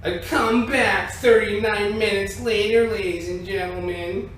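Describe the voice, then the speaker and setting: A man's voice: sits high, fairly even intonation, unhurried. A man telling a rambling, profane comic story, recorded at a distance in an echoey room with faint noise. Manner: profane, rambling, keeps saying "ladies and gentlemen". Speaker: comedian. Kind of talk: rambling stand-up rant.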